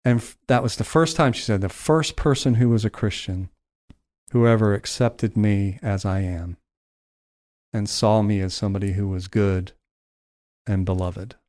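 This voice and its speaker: A man telling a heartfelt story on a podcast, slowing and softening his voice at its emotional points. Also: on the low side. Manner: slows down and softens for emotional moments.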